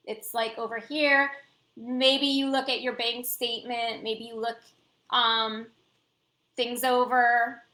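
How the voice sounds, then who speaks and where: A woman's voice: fairly high pitch, pushed and bright, echoey room. A woman talking casually to her viewers, chatty, with lots of fillers and small laughs. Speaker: self-help vlogger. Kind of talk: casual talk to camera.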